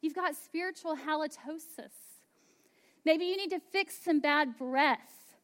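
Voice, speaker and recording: A woman pastor in her thirties preaching a sermon, slow and emphatic, dropping to hushed asides. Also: sits high.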